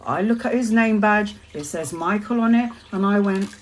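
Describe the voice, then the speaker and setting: A woman from Brazil recounts a story to her live-stream audience in a loose, animated way. She laughs often and swears casually, and her voice sits at an everyday middle pitch. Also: normal speed. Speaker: tarot reader.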